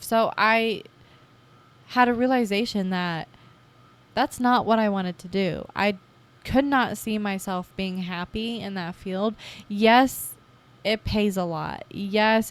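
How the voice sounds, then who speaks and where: A young woman in her twenties, hosting her own podcast, telling her story in a chatty, casual way and acting out her past self with lively jumps in voice. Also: mid-range voice, slow. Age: 20s. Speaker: podcast host. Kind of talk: casual personal podcast monologue.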